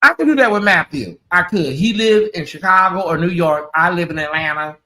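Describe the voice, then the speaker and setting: High bright-voiced sassy man. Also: animated, brisk. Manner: sassy, chatty, calls listeners honey and y'all. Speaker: channel host. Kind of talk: casual livestream chat.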